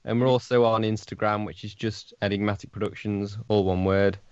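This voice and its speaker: Lower male voice, laid-back guest, dry and slightly dull sound. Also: fairly even intonation, brisk, darkish tone, smooth, dry recording. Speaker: podcast guest. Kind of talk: casual podcast chat.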